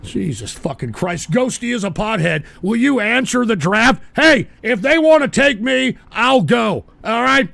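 Brief: older male host, high gravelly voice, dry close sound, profane ranting at viewers. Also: expressive, a little slow, few pauses, dry recording. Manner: profane, shouting tirades at chat. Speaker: live show host. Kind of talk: ranting live-stream talk.

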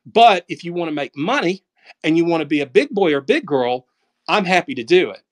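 A man's voice: fairly high pitch, sing-song, fairly quick. A man with a Southern drawl giving blunt, emphatic market commentary in casual chat over an audio call, full of folksy sayings.

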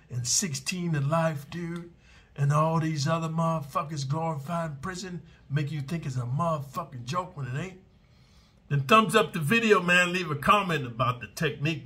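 Blunt ex-con man, husky and bright, swaggering street talk full of "man" and "dude," loud bursts on strike sounds. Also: on the high side. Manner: animated, shouts out strike sounds. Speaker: ex-convict giving prison survival advice. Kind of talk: unscripted, profane street talk to camera. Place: in Manila.

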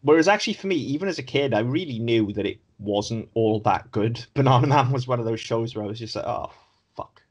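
A man's voice: medium pitch, fast, few pauses, slightly rough. A man co-hosting a podcast, chatting casually and critically, swearing now and then. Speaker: podcast co-host. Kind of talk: casual chat.

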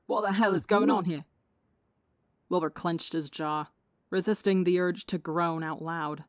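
A woman reading fiction aloud in a steady, measured way. Her voice sits low. The recording is dry and close to the mic. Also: clear, resonant tone, dry recording. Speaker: audiobook podcast reader. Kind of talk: scripted narration of fan fiction.

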